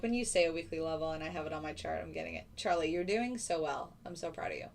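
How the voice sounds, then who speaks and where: A woman's voice: lowish voice, slight background noise. A woman hosting a live trading stream, chatting casually and answering viewers by name. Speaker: livestream host. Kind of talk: casual livestream chat.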